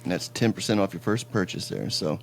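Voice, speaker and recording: A man's voice: low voice, animated, fairly quick, vocal fry. A man hosting a casual podcast, chatting and telling stories in a laid-back way, swearing now and then. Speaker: podcast host. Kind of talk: casual chat.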